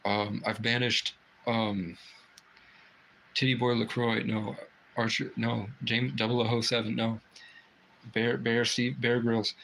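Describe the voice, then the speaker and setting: A man's voice: medium pitch, pushed and bright, a little hiss or hum, poor audio. A man hosting a casual livestream from a private room indoors, rambling and swearing freely as he chats. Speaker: livestream host.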